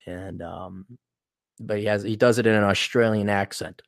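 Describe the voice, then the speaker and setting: A man's voice: on the low side, steady tone, normal speed, vocal fry, dry recording, studio quality. A man hosting a podcast in a casual, rambling monologue, irreverent and profane. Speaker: podcast host.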